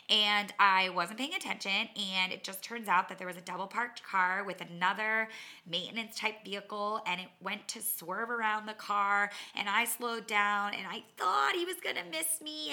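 Chatty woman with a bright, gravelly voice. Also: mid-range voice. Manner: chatty and animated, with dramatic asides and self-mocking humor. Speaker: podcast host and cycling instructor. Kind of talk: casual monologue storytelling.

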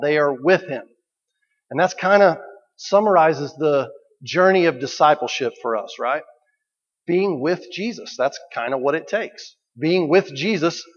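Preacher in an echoing hall. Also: male voice, fairly high pitch. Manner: conversational, rhetorical questions, repeats key phrases. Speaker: pastor. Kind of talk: sermon. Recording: dull recording with long hall reverb.

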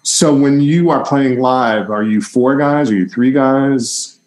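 Fast-talking middle-aged New York host. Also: male voice, mid-range voice, a little mellow, roomy sound, rough recording. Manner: talkative, quick, rambling asides. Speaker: interviewer host. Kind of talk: casual interview chat.

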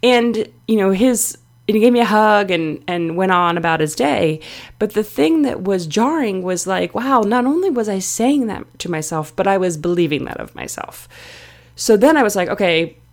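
A woman's voice: medium pitch, expressive, normal speed. Candid woman hosting a solo podcast. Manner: candid, confessional, loose with fillers. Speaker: podcast host. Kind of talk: reflective solo podcast talk.

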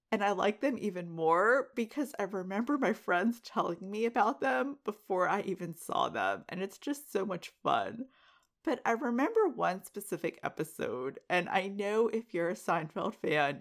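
A woman's voice: medium pitch, fairly bright tone. A middle-aged woman hosting a podcast, talking casually in a monologue. She often laughs and puts direct questions to her listeners. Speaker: podcast host.

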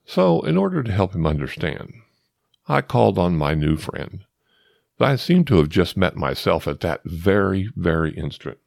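Gravelly deep-voiced man spinning a story. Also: big pitch swings, normal speed, darkish tone, dry recording, studio quality. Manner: rambling, digressive, talks to listeners as folks. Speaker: podcast host. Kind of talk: storytelling podcast.

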